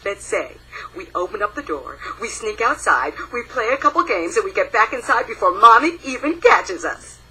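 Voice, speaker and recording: A woman voicing a mischievous little boy mouse who hatches a sneaky plan in a hushed voice. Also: mid-range voice, sing-song, normal speed, slightly rough, exaggerated voice, low-quality recording. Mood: scheming. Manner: hushed, scheming.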